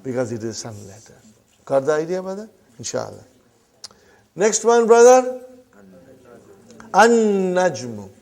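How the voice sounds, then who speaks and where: A man teaching a classroom Arabic lesson, slowly drilling phrases and often checking that his students follow. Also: high voice, big pitch swings, darkish tone.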